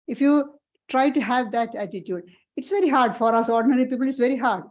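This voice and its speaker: A woman monastic teacher gives a spiritual parlour talk, earnest and halting, often repeating and restarting phrases. Her voice is fairly high and a little mellow, and the audio is poor.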